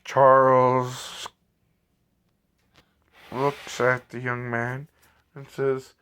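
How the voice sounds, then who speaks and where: Slow, halting man telling a story. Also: mid-range voice, completely flat delivery, fairly bright tone, a little hiss or hum. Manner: halting, self-correcting. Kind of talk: improvised story narration.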